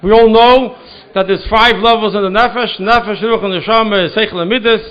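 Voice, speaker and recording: A man's voice: high-pitched, fairly even intonation, a little fast, lo-fi sound. A man, a rabbi, giving a Torah study lecture in a synagogue hall, earnest and often repeating words as he searches for them. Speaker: rabbi teaching a class.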